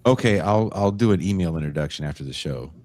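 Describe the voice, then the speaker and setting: A man with a very deep voice that swings widely in pitch, hosting a loose podcast conversation. He talks in an animated, joking way and breaks into laughter easily. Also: quick pace, no echo. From United States. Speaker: podcast host. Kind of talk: casual podcast chat.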